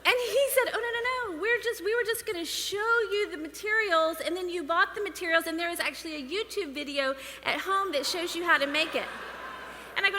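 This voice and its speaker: Woman, animated church storyteller; bright, sharp, high voice; faint hiss. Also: fairly quick. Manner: animated, laughing storyteller acting out dialogue. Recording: reverberant hall with faint noise.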